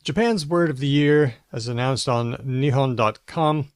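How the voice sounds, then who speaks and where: A man's voice: mid-range voice, unhurried, no room sound, studio quality. A man co-hosting a casual language podcast, chatty and explanatory, reading out news items with asides. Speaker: podcast co-host.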